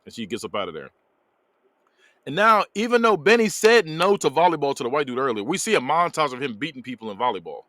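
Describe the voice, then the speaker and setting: Man, podcast host, movie review chat, animated pitch, bright dry sound. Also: quick pace, no echo. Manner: recaps a film plot, quoting characters with laughs.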